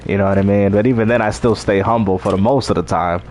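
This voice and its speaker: A man's voice: lowish voice, fairly even intonation, fast, a little mellow, slight background noise. A man hosting a live stream, chatting in a laid-back way and laughing often. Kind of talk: casual livestream chat.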